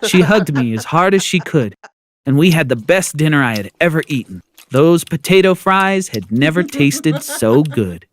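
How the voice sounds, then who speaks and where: A man narrating a first-person storytime with an animated telling. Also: on the high side, moderate pace.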